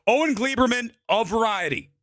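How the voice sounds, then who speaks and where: A man's voice: very high voice, expressive, brisk, fairly bright tone, no room sound, clean studio sound. A man hosting a live movie show, delivering an angry, profanity-laced rant at a producer. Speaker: movie podcast host. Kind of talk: live-streamed film rant.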